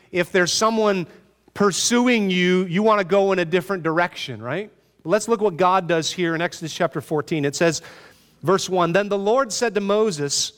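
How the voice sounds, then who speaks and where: A man preaching a sermon in an animated, conversational way, asking his listeners rhetorical questions. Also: high-pitched, smooth, long reverb tail. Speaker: pastor.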